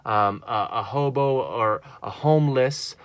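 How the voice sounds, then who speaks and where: A man's voice: mid-range voice, measured pace, smooth, no room sound. A man talking in a rambling personal monologue, earnest and full of fillers and restarts. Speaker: vlogger.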